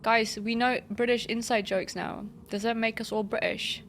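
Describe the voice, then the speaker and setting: A playful woman streamer with a fairly high voice, bantering with chat and yelling at enemies while she plays. Her casual, chatty commentary runs over a faint hum of room ambience. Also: flat delivery, moderate pace. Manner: swears casually and exclaims at enemies. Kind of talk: casual gaming livestream commentary.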